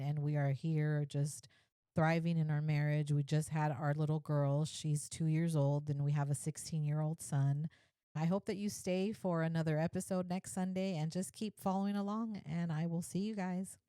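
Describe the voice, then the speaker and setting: Earnest woman, low mellow voice. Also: fairly even intonation, moderate pace, clean tone, dry recording. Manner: earnest, gentle, speaks straight to viewers. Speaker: faith vlogger sharing her story. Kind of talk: heartfelt personal talk to camera.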